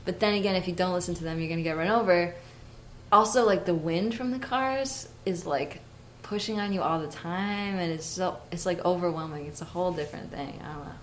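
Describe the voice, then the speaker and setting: A young woman telling a long story in a casual chat, animated and full of "like" fillers, jumping higher when she acts out her own reactions. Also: fairly quick, a little hiss or hum. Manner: chatty, animated, many "like" fillers, jumps high acting out her own reactions. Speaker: interview guest.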